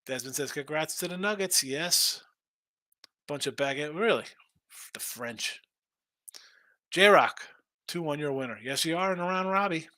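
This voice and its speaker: A man hosting a live betting show in a loose, rambling way, with plenty of restarts and repeated words as he reads viewers' messages aloud. His voice sits a little high for a man and sounds close and dry, with almost no room sound. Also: expressive, a little slow, pauses often, sharp tone, no echo. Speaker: sports betting show host. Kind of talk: casual live-stream betting talk.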